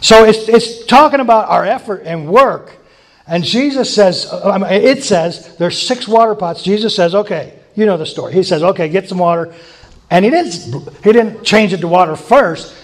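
Male preacher, high voice, casual sermon style with laughing asides and repeated emphasis. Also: normal speed. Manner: conversational, chuckling asides, emphatic repetition. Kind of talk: informal sermon teaching.

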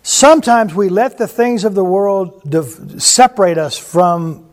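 A man teaching the Bible in a conversational way, animated and chuckling as he retells stories. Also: high voice, a little slow.

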